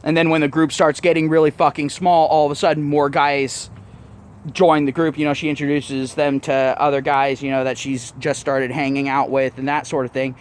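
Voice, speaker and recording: A man's voice: on the high side, level tone, moderate pace. A man telling a story in a blunt, profane, mocking rant to his vlog audience. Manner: blunt, swears constantly, mocking retelling. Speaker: vlogger.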